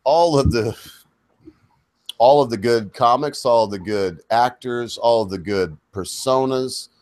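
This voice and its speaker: A man co-hosting a casual live-stream chat over a video call, asking questions in a rambling, halting way full of "you know" fillers. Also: mid-range voice, a little mellow, dry recording. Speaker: podcast co-host interviewing a guest.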